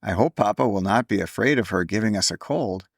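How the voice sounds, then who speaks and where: A man's voice: on the low side, fairly quick, gravelly, breathy edge, no room sound, clean studio sound. A man voicing a little girl in a storybook reading, earnest and explaining things with grave wisdom. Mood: eager. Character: little girl, eager and wise beyond years.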